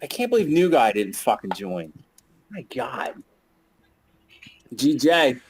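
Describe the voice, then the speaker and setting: A man's voice: medium pitch, sing-song, takes it slowly, a little hiss or hum. A man co-hosting a casual live call, laughing often and swearing freely. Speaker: co-host of a chart analysis call.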